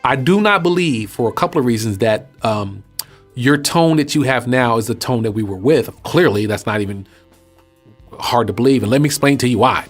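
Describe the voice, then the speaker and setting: A man's voice: mid-range voice, moderate pace. Male host, mid-range voice, casual preaching with a light music bed. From Texas. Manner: animated, conversational preaching with rhetorical questions. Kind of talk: casual spoken teaching.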